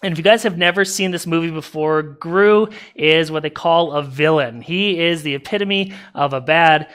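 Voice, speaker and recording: A man's voice: a little high, moderate pace, a bit bright. A man preaching a casual sermon in a church, animatedly retelling a movie plot with asides to the congregation. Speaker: pastor. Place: church sanctuary.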